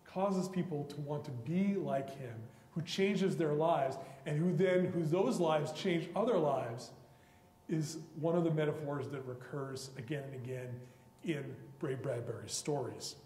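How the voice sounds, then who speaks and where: Animated male lecturer in an echoey auditorium. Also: on the high side. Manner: animated storytelling, acting out quoted characters. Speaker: guest lecturer. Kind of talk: public lecture on literature. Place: college auditorium. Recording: echoey hall with long reverb.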